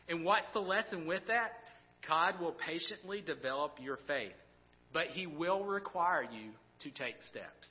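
High-voiced man preaching in a reverberant hall. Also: a little slow. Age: 30s. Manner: conversational, animated storytelling with many restarts. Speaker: pastor. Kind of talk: sermon. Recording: dull sound with long hall reverb.

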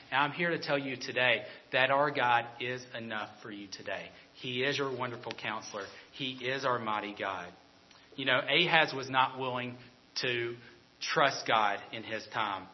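A man preaching a sermon, animated and repeating himself, then dropping into a soft, earnest tone. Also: mid-range voice. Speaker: pastor. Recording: dull lo-fi sound.

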